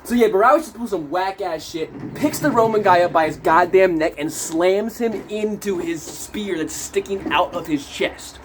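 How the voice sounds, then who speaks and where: A young man recapping a movie in a casual vlog, animated and profane, acting out scenes as he talks outdoors in cold wet weather. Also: sits high, a little hiss or hum. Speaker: movie reviewer.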